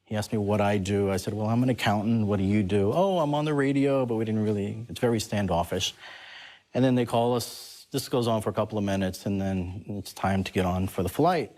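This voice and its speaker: Low-voiced man telling a story. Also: a little fast. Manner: animated, laughs while telling a story. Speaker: guest. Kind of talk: storytelling on a talk show.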